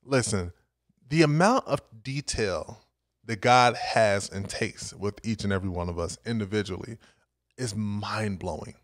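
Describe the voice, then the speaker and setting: A man preaching to young adults, reading scripture and telling stories in a conversational, energetic way. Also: on the low side, measured pace, no echo, clean studio sound. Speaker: young adult ministry speaker.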